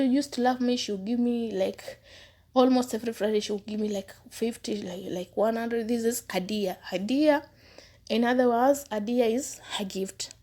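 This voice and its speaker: A woman with a slightly raised pitch speaks in an earnest, casual testimony. She circles back over her words for emphasis and now and then drops to a hushed aside. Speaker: former housemaid telling her experience. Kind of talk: personal testimony, casual storytelling.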